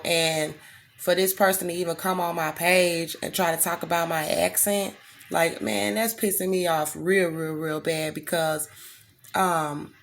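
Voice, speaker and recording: An American woman delivering a blunt, profane, indignant rant to her viewers. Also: fairly low pitch. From United States. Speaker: vlogger. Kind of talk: impassioned direct-to-camera rant.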